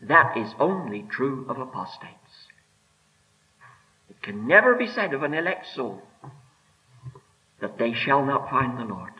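A man preaching a sermon with emphatic delivery, rising and dropping, slowing right down to stress his words. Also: medium pitch, very animated. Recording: dull lo-fi sermon recording.

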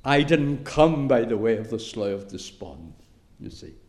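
A man with an Irish accent preaching a sermon slowly and deliberately, with emphatic pauses. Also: mid-range voice, expressive, a little mellow.

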